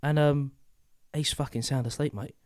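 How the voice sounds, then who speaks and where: A man's voice: on the high side, steady tone, moderate pace, a little mellow. A man, co-hosting a podcast and telling a sweary story in casual chat. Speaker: podcast co-host.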